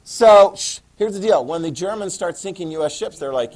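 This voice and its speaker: Male teacher, slightly high voice, lively lecture with joking asides to the class. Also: fast talker, hardly any pauses, rough recording. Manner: jokey, chatty asides to students. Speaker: history teacher.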